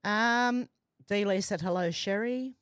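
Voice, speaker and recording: A woman's voice: mid-range voice, slow pace, fairly bright tone, clean tone, no room sound, studio quality. A woman hosting a casual livestream from home, reading viewer comments aloud in a chatty, amused way. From Australia. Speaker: livestream host reading chat. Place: home, doors and windows open.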